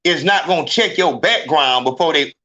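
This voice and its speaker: A male podcast host lays into his point with a forceful, tense voice that sits a little high for a man. He talks in a profane, emphatic way, pushing each line hard on a live show. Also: moderate pace. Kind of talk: heated live podcast rant.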